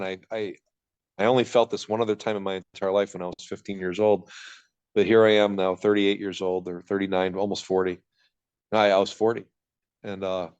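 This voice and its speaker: A man's voice: on the low side, a little mellow, smooth. A man telling his personal story as a podcast guest, in a raw, rambling way, swearing freely. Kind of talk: candid personal recovery story.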